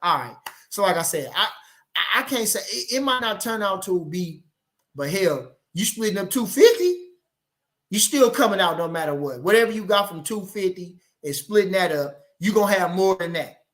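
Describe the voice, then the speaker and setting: Rambling man talking boxing, bright voice. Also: high-pitched, lively intonation, moderate pace. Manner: rambling, repeats phrases, swings between mumbling and loud bursts. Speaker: boxing trainer and channel host. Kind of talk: casual boxing talk livestream.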